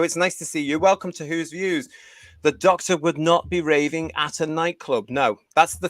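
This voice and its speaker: A man's voice: fairly high pitch, fairly bright tone, no room sound. A man from the United Kingdom hosting a live fan review show, reading viewer comments and ranting with strong opinions.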